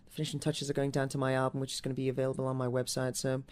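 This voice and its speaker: A man's voice: mid-range voice, monotone, racing, darkish tone, clean tone. A man from Newcastle, England, with an accent mixing American and Northern English, answering interview questions about his stage career in a rambling way with many restarts. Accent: mix of American and Northern English. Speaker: musical theatre actor and singer.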